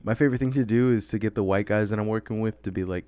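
A man hosting a podcast in casual chat, laughing often and acting out friends in quick voices. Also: fairly low pitch, fairly even intonation, darkish tone, smooth. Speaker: podcast host.

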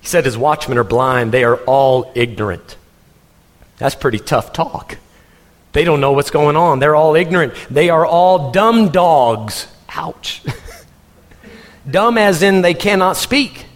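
A man from Texas, preaching a sermon in an animated storytelling manner and laughing as he goes. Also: a little high, unhurried, pauses often, long reverb tail. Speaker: pastor.

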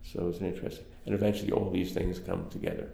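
An older Brooklyn man, Brooklyn accent intact, wanders through stories in an oral history interview, leaning heavily on fillers. He speaks quickly in a low, warm voice with vocal fry and a flat delivery, recorded in a roomy space.

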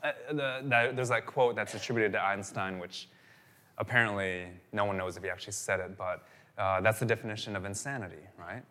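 A man's voice: lowish voice, a little fast. A man preaching a sermon as a pastor, telling stories animatedly and repeating phrases for emphasis. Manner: animated storytelling, repetitive phrasing.

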